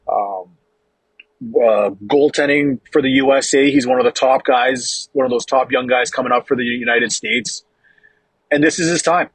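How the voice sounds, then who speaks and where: A man's voice: mid-range voice, husky, dry recording, low-quality recording. A man of about forty co-hosting a casual hockey talk show, giving emphatic, opinionated playoff picks with frequent restarts. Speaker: hockey co-host and analyst. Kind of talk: casual sports podcast talk.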